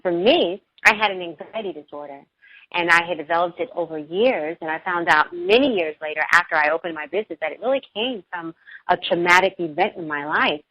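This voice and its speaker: A woman's voice: lowish voice, fairly quick, no echo, highs cut off. A middle-aged woman, a radio show guest, telling a personal story in an earnest, emotional way.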